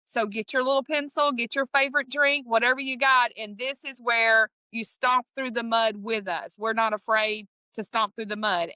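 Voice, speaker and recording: A woman's voice: on the high side, pushed and bright, smooth, no echo, rough recording. A woman with an East Texas Southern accent hosting a podcast in a folksy, upbeat way, often restarting her sentences. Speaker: podcast host.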